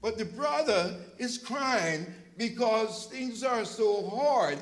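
High-voiced impassioned male preacher. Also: lively intonation, takes it slowly, rough recording. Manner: impassioned, rising to shouts. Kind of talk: sermon with storytelling. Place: church.

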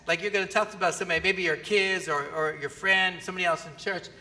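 A man preaching a sermon as pastor, animated and often asking the audience questions. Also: high voice, fast talker, hardly any pauses. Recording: long hall reverb.

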